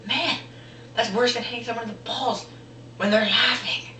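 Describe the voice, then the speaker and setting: A man's voice: extremely high pitch, steady tone, brisk, a little hiss or hum. A teenage boy doing a rambling, jokey stand-up monologue as a comedy vlogger. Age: teens. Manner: rambling, jokey, breaks into loud impressions. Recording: roomy echo, distant camera mic.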